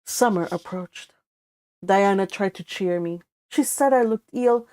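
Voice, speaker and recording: A woman's voice: medium pitch, mellow. Woman reading a novel with a Spanish accent. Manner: unhurried reading, breaking off for casual asides and corrections. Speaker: audiobook reader. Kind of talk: reading a classic novel aloud.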